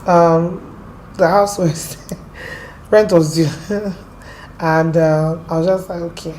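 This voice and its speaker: A woman with an American accent, from Port Harcourt, telling her story as an interview guest in a lively, animated way. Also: on the low side, slow, slight background noise. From Port Harcourt, Nigeria. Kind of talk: casual storytelling.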